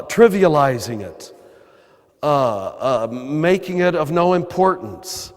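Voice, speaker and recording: An older man with an American accent and a throaty voice, giving a conversational spiritual talk with wry asides as a priest. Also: fairly high pitch. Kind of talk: spiritual talk to a live audience. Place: large cathedral. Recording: long cathedral reverb.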